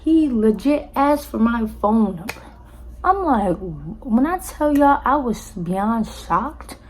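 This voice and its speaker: A young woman telling a personal story to her viewers in a casual, animated way, talking to them directly and acting out what others said. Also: slow, slight background noise, rough recording. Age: young adult. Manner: animated, acts out quotes with jumps in pitch; addresses viewers directly as y'all. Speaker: storytime vlogger.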